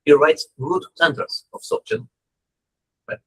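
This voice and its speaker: Husky-voiced man telling stories animatedly. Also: a little high, a little slow, rough recording. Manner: animated, joking, conversational, frequent "right?". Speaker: dharma teacher. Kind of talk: humorous lecture storytelling.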